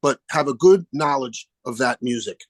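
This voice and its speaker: An older man chats as an interview guest over a video call, his voice at an ordinary middle pitch. He tells stories with lots of energy and acts out the people he quotes. The sound is close and dry. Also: normal speed, dry recording. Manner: animated storyteller, acts out phone calls in quoted voices. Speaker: guest musician. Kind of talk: casual interview chat.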